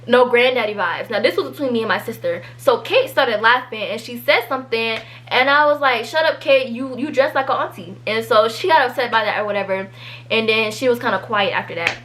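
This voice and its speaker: A woman's voice: fairly high pitch, a little fast, a bit bright, a little hiss or hum. A teenage girl telling a casual storytime, chatty and full of fillers, livening up when she quotes people. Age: teens.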